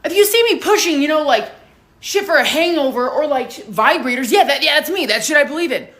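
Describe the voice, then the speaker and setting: A hungover young woman tells a storytime vlog, dropping swear words through nearly every line. Her voice sits fairly high and she tells it with animated indignation. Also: fairly quick.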